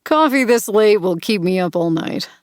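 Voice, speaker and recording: A woman reading the part of a charming but edgy young man in an audiobook, smooth and then suddenly intense. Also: mid-range voice, animated, moderate pace, no room sound, studio quality, close to an everyday voice.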